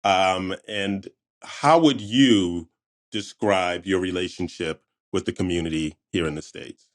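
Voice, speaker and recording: A man's voice: sits low, a little slow. A man hosting a podcast interview, chatty and enthusiastic, laughing often and throwing in asides. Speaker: podcast host.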